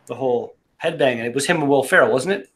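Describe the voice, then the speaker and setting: A man's voice: medium pitch, quick pace, a bit bright. A man co-hosting a casual beer review chat, rambling with restarts and swearing freely. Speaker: podcast co-host reviewing beer.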